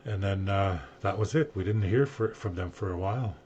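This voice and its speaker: An older man on a podcast, earnestly telling a personal story and acting out what people said to him, with a husky voice. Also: low voice, moderate pace, a little mellow, muffled recording, slight background noise. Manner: earnest, emotional storyteller who acts out quoted speech. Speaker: guest sharing his story.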